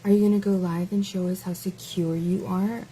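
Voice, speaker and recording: A woman's voice: medium pitch, little pitch movement, moderate pace, mellow, slight background noise, poor audio. A woman hosting a casual live stream who mocks her target with taunting rhetorical questions, stretching out words as she goes.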